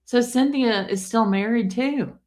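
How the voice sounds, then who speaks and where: A woman's voice: on the high side, unhurried, a little mellow. A woman commenting on a trial on a live stream, chatty and exclaiming, talking straight to her chat. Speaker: true crime commentator.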